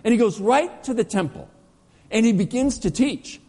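Lively pastor preaching in echoing church. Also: male voice, high-pitched. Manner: animated storytelling, drops to soft slow emphasis. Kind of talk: sermon. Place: church sanctuary. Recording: long church reverb.

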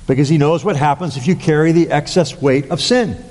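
Man preaching in an echoing church. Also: darkish tone. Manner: halting, many fillers and restarts; acts out quoted lines with raised pitch. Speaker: pastor. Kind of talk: sermon. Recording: long hall reverb.

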